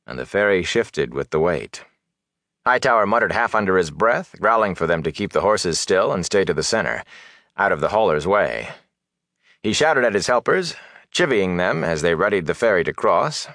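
A man reading a fantasy novel aloud as narrator, in a measured, steady storytelling manner. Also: sits low, no room sound, clean studio sound. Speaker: audiobook narrator.

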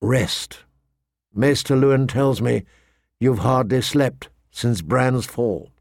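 A man playing an earnest young lord who speaks low and gentle to comfort his mother. The storybook reading sounds close and dry, with no room around it. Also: slow pace, creaky, dry recording. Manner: calm, gentle, low reassurance. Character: earnest teenage lord, steady and protective.

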